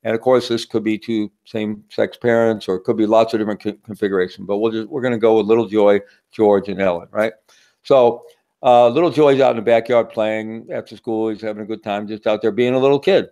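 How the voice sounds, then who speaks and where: A man's voice: on the low side, steady tone, a little fast, warm tone. A man giving a teaching talk in a conversational way, often checking in with the audience. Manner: conversational, asks the audience with a frequent "right?". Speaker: workshop speaker.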